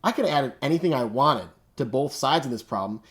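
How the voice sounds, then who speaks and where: A man's voice: medium pitch, lively intonation, a little fast, a bit bright. A man teaching math in a casual, upbeat way, using slang and thinking aloud as he works each step. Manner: upbeat, slangy, talks to himself while working. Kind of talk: casual classroom explanation.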